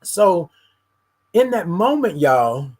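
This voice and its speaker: A host sharing a candid, personal monologue in a husky, slightly breathy voice at a middling pitch. The talk goes straight to the listeners, often calling them y'all, and stutters through repeated words as the thoughts pour out. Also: big pitch swings, slow pace, a little mellow.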